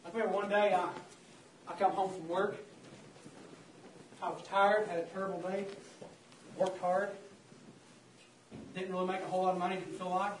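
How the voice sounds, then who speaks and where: A man's voice: sits high, little pitch movement, normal speed, pauses often, slight background noise. A man preaching a fervent, repetitive sermon, calling out to the congregation. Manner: fervent, repetitive, calls out "saints of God". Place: church. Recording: roomy church from a distance.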